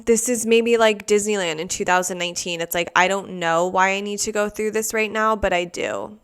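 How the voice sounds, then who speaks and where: A woman's voice: mid-range voice, fairly even intonation, moderate pace, few pauses, fairly bright tone, clean tone. A young woman hosting a solo podcast, rambling casually with lots of "like" and dramatizing everyday mishaps. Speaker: podcast host.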